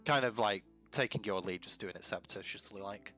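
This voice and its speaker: A man narrating a tabletop game as game master over a voice call, relaxed and rambling with many fillers. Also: fairly low pitch, fairly quick, soft background music.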